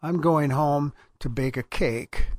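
A man's voice: on the high side, takes it slowly, a little mellow, dry recording, pitched below the performer's own voice. A man voicing a glum, cake-loving male toad from a children's book. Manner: plain storybook reading voice.

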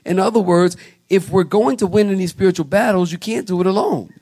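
Animated storytelling preacher man. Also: high-pitched, fairly quick. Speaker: pastor. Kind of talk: sermon. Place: church sanctuary.

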